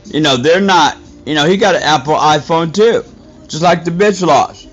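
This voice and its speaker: A man's voice: a little high, moderate pace, fairly bright tone. A man delivering an indignant, profane rant as a podcast host, scolding his listeners. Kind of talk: ranting monologue. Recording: dull lo-fi audio with faint music.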